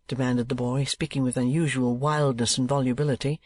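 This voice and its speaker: A man reading an audiobook in a measured, even scripted narration. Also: mid-range voice, no echo.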